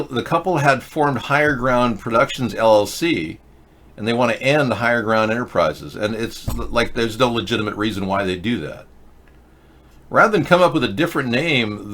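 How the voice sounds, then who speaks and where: Speaking in a mid-range, fairly bright voice, a man hosts a live-stream show with casual commentary. He's sarcastic and meandering, often cutting himself off to start again.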